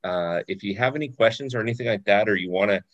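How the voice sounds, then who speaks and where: A man hosting a podcast, chatting casually and relaxed with his guest. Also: on the low side, fast, dull audio. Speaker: podcast host. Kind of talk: casual interview chat.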